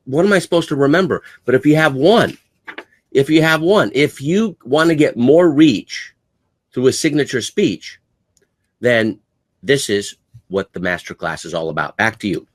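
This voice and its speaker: A male host with a mid-range voice cuts in to frame the topic for viewers. He is energetic and brisk, with a dry, close sound and no room echo. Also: medium pitch. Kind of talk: live show hosting.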